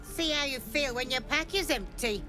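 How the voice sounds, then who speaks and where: A woman's voice: sits high, moderate pace, sharp tone. An actress voicing a blunt, practical woman who cooks for the camp. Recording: game audio with music behind.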